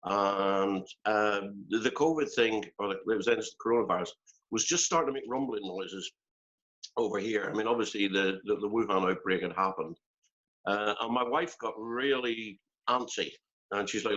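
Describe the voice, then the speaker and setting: An older man from Northern Ireland, with a Northern Irish accent, appears as a guest musician in a video-call interview, rambling, self-deprecating and laughing as he chats. His voice is lowish and fairly bright at a normal speed. The call audio is dull and lo-fi.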